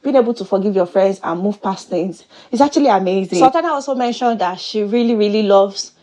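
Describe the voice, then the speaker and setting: A woman's voice: medium pitch, brisk. A woman giving a chatty, playful recap of a reality show. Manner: chatty and animated, with playful exclamations. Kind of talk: casual gossip commentary.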